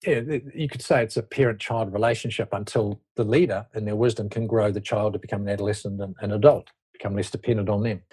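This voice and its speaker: This leadership expert, speaking as an interview guest, talks fast in a lowish, warm voice with a breathy edge and fairly even intonation. His explanations are reflective and loose, and he often restarts sentences as the conversation unfolds.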